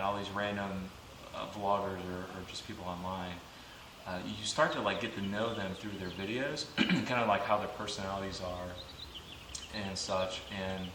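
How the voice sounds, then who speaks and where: Profane, ranting man from Georgia, echoey and distant. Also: on the low side. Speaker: motovlogger guest. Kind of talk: casual interview chat. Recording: echoey room, far from the mic, noisy.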